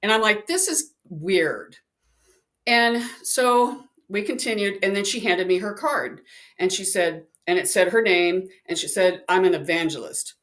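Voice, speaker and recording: A psychic with a mid-range voice casually tells a personal story at normal speed. She's chatty and animated, acting out the voices of the people she quotes.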